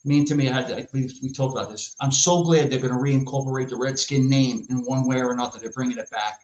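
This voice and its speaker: A man with a New York accent ranting brashly and profanely as a podcast host in casual chat. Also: medium pitch. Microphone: live stream mic. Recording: echoey lo-fi room sound.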